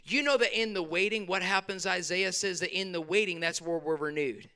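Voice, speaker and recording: A male pastor, preaching a sermon in a church hall with animated bursts and quick asides. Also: sits high, clear, resonant tone.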